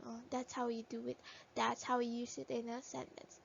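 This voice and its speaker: A woman's voice: fairly high pitch, normal speed, vocal fry. A woman teaching a phonics lesson to young children, sounding out letters one by one and repeating each word for them to echo. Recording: dull lo-fi recording.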